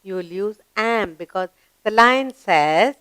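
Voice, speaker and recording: Slow, sing-song Indian English woman teacher. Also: mid-range voice, animated, a bit bright, clear, resonant tone, no echo. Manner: encouraging, asks questions and answers them herself; drawn-out, sing-song reading of sentences. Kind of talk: slow grammar lesson for young children.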